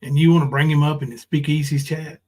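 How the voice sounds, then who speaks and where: A man's voice: fairly high pitch, little pitch movement, fast talker, dark tone, poor audio. A man ranting on a livestream, confrontational and profane, full of ums and restarts. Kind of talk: casual livestream rant.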